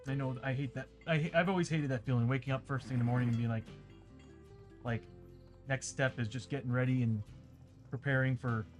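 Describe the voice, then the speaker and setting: A man's voice: medium pitch, steady tone, fairly quick, long pauses. A man streaming a tabletop game, rambling casually to his viewers with a dry throat. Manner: rambling, chatty, talks straight to viewers. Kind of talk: casual livestream chat. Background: faint ambient music.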